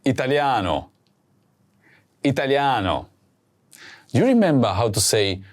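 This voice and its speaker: A man hosting a language lesson, speaking slowly and clearly and saying each word twice for practice. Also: mid-range voice, sing-song. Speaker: language teacher host. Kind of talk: slow scripted lesson with repeat-after-me drills.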